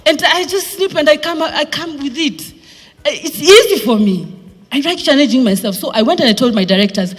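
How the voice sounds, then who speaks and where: A Kenyan woman telling a live audience her career story, animated, mixing Swahili into her English and acting out what people said. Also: high-pitched, normal speed, big-room sound.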